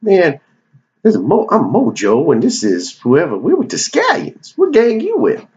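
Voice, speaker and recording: A man doing a brash young street punk, squeaky high voice, cocky, slightly muffled recording. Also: huge pitch swings, moderate pace, a little mellow. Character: brash young male street gang member.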